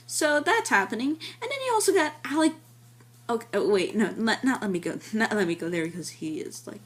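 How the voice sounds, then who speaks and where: A woman's voice: a little high, very animated, brisk. Rambling woman reviewing a film. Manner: rambling, with many fillers and restarts; enthusiastic. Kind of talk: casual spoken film review.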